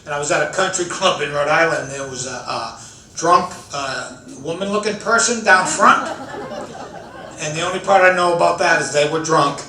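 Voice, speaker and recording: A man in his fifties performs stand-up with a bright, high voice, telling self-deprecating stories. He is recorded from some distance in a roomy, echoey hall. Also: normal speed, a faint crowd. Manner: self-deprecating, animated storytelling with audience laughter. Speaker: comedian. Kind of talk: stand-up comedy set. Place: large event room with audience. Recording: echoey room from far off.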